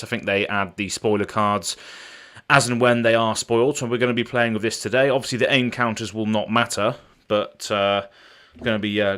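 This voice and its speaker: A man with a fairly low voice talks loosely to his stream audience. He wanders through his thoughts with plenty of ums and repeated words. He sounds close to a desk mic. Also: a bit bright. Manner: rambling, with frequent ums and restarts. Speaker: game streamer. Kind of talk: casual live-stream chat.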